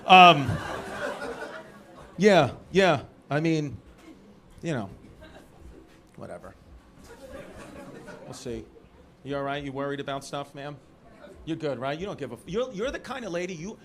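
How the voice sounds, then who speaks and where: A man's voice: high voice, noisy background. A man in his thirties with a New York accent doing rambling, brash stand-up crowd work on a theater stage, swearing and riffing with the audience. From Brooklyn. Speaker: stand-up comedian. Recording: live theater with loud crowd laughter.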